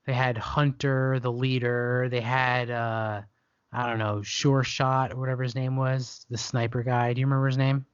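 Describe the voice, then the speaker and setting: A man's voice: mid-range voice, level tone, normal speed, smooth, no room sound, dull audio. A man co-hosting a casual pop culture podcast, rambling and jokey, sometimes slipping into silly voices. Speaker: podcast co-host.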